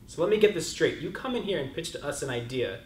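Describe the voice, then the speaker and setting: A man's voice: fairly high pitch, expressive, fast. Incredulous man in an echoey room. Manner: incredulous, building to a punchline. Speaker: company executive. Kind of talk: comedy sketch acting.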